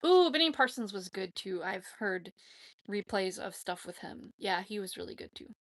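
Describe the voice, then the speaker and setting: A woman's voice: mid-range voice, animated, normal speed. A woman chatting casually on a live stream, rambling and emphatic, often adding "like, seriously.". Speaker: YouTube streamer answering chat.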